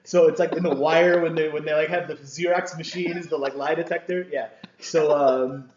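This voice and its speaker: A man's voice: a little high, steady tone, normal speed, a little mellow. A man telling a story as a podcast guest in casual chat, acting out voices and laughing often. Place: small mobile studio. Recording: roomy, dull lo-fi sound.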